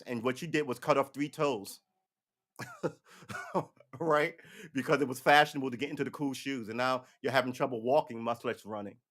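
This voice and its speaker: A man's voice: medium pitch, fairly bright tone. Profane rambling male live-streamer. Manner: rambling, profane, mocks others with put-on voices. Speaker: live-stream political commentator. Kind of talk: casual opinionated monologue.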